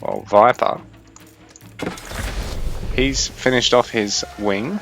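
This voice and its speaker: A young man giving casual, chatty game commentary, thinking aloud in a fairly even delivery. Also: mid-range voice, drawn-out words, creaky, faint music behind. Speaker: esports caster.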